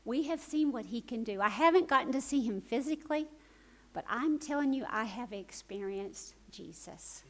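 Woman preaching, kinda high voice, tells it all animated then goes real quiet and soft. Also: normal speed, rough recording. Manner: animated retelling that swings from urgent to hushed. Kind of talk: storytelling sermon.

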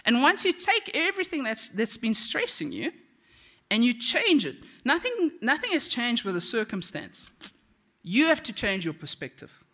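A woman delivers a devotional message in a relaxed, conversational way. Her voice is bright and forward. She tells personal stories with friendly asides to her listeners. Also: fairly high pitch, moderate pace. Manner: chatty storytelling with frequent "okay?" asides. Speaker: devotional speaker.

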